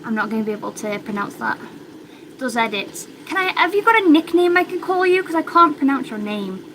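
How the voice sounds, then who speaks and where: A young woman with a British accent, chatting in a rambling, excitable way while she hosts a casual crochet livestream from home. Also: high-pitched, fairly quick, slight background noise, poor audio. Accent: British English.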